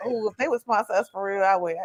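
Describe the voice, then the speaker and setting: A woman co-hosting a casual wrestling podcast, enthusiastic and quick to laugh. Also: medium pitch, no echo. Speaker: podcast co-host.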